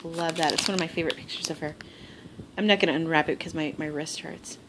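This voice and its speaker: A crafting vlogger gushes over gifts as she unboxes them, gasping and laughing often in a casual chat. Her voice is low-pitched and quick, captured on a noisy phone recording in her bedroom at home.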